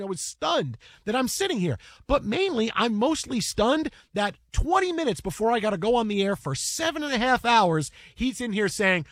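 A man with a fairly high voice tells a story at a rapid clip, stumbling and restarting as he goes. The sound is dry and close. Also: very animated, dry recording. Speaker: podcast host and broadcaster. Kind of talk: casual storytelling chat.

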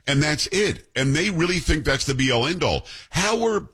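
A man's voice: fairly high pitch, big pitch swings, fairly quick, hardly any pauses, fairly bright tone, slightly rough. A middle-aged man hosting an interview, asking emphatic questions and reacting to his guest. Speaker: show host. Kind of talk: conversational interview.

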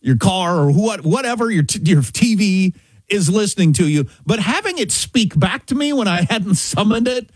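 Talk host, middle-aged man from Kansas: slightly higher voice, husky, swooping delivery, dry sound. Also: normal speed, dry recording. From Kansas, USA. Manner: animated, chatty storyteller. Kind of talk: casual talk-show storytelling.

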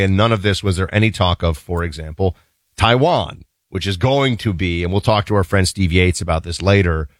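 Low-voiced man giving wry political commentary. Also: no room sound, studio quality. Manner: animated, wry, laughs at own points. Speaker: talk show co-host.

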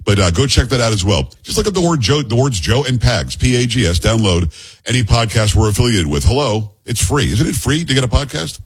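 A man's voice: mid-range voice, sing-song, a little fast, breathy edge. A middle-aged man hosting a radio talk show, chatty and joking with his co-host. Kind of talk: casual radio banter.

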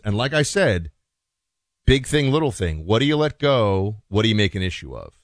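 A male talk radio host rambles through his opinions with plenty of restarts and asides. His voice sits at an ordinary pitch and sounds dry and close to the studio mic. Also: very animated, moderate pace, no room sound. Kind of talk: conversational radio monologue.

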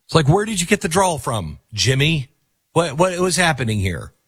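A man's voice: a little high, sing-song, moderate pace, a bit bright, husky, no echo. A man hosting talk radio, delivering a mocking, rambling monologue into a studio microphone. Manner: mocking, rambling, self-correcting. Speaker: radio talk show host.

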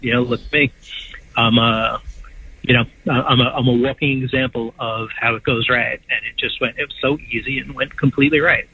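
A man's voice: medium pitch, steady tone, brisk, slightly rough. Enthusiastic older man on a tinny phone line. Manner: rambling, enthusiastic, repeats words. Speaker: patient guest. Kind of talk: casual phone-in chat.

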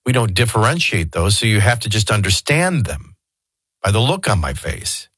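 A man's voice: fairly low pitch, big pitch swings, moderate pace, a bit bright, breathy edge, dry recording. A man hosting a talk radio show, speaking in a conversational, digressive way with folksy asides, into a studio microphone. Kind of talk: casual talk radio commentary.

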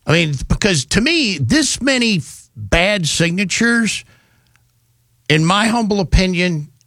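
Male talk radio host, gravelly and unhurried, swings his pitch a lot, indignant and sarcastic, dry studio sound. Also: sing-song, fairly bright tone, dry recording. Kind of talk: opinionated talk radio monologue.

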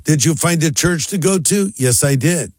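A man's voice: a little high, normal speed, no room sound, studio quality. A male pastor telling a story and acting out both sides of a conversation, with faint music underneath. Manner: animated, acts out both sides of dialogue. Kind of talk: storytelling talk.

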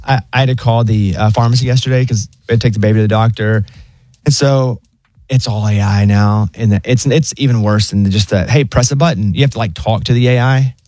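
A young man and co-host in casual chat, telling stories in an animated way and doing high voices when he quotes others. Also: brisk, no room sound. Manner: animated storyteller, mimics voices in high pitch.

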